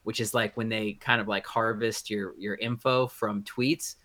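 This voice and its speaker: A man's voice: fairly low pitch, steady tone, a little slow, sharp tone. A man co-hosting a podcast, chatting casually, rambling with many restarts and a blunt edge. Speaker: podcast co-host. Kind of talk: casual chat.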